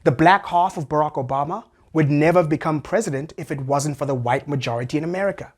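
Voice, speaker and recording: A young man hosting a satirical comedy show, delivering a wry, animated monologue. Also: fairly high pitch, quick pace. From South Africa. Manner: wry, animated, jumps into voices.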